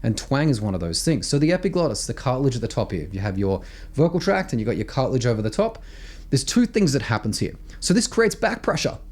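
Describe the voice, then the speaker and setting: An Australian man teaching voice technique, explaining exercises in an animated, emphatic way and often checking in with "right?". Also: medium pitch, quick pace. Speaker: vocal coach. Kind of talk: instructional explanation with sung demos.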